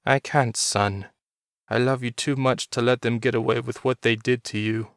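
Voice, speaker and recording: A man's voice: medium pitch, takes it slowly, no room sound, clean studio sound, voice pushed up. A man voicing a grieving, vengeful father who has turned killer, speaking in a strained, anguished way.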